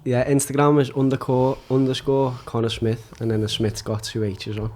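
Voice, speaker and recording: A man being interviewed as a podcast guest, who talks hesitantly with fillers and some throat clearing. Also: mid-range voice, fairly even intonation, normal speed, a little mellow. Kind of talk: casual interview chat.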